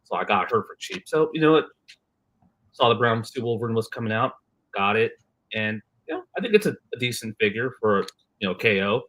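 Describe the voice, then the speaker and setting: A man co-hosting a casual livestream chat, talking in a relaxed, rambling way with lots of fillers. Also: lowish voice, a little fast. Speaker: co-host.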